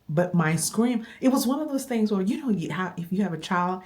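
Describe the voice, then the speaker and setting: A middle-aged woman with a notably low, deep voice talks straight to her viewers. She tells her story in an animated, rambling way and often stops to fix her own details. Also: normal speed, hardly any pauses. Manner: animated, rambling storyteller who self-corrects. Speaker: vlogger.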